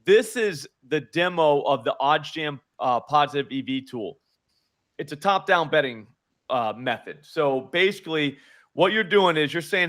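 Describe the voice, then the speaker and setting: Animated higher-voiced man calling bets. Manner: fast, animated explaining with filler words. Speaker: sports betting show host. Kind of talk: live betting show chat.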